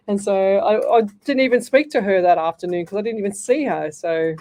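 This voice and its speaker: A woman's voice: medium pitch, animated, moderate pace, darkish tone. A middle-aged woman with an Australian accent, hosting a live radio show as a psychic medium and talking in a rambling way with many restarts.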